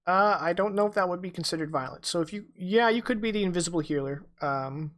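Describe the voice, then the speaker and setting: A man running a tabletop game as game master, narrating with many restarts and pauses. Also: high voice, a bit bright. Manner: halting, lots of restarts and ums.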